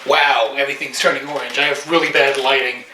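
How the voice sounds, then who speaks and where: A man's voice: medium pitch, flat delivery, a little fast, background noise. Joking man reviewing in a roomy space. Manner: joking, sarcastic, rambling. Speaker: movie reviewer. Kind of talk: casual reaction commentary. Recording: roomy echoey room.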